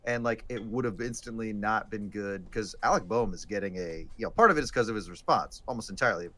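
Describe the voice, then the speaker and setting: A man co-hosting a casual sports chat livestream, talking in animated bursts and laughing often. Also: on the low side. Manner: animated, quick bursts of laughter, lively put-on quotes. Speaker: podcast co-host.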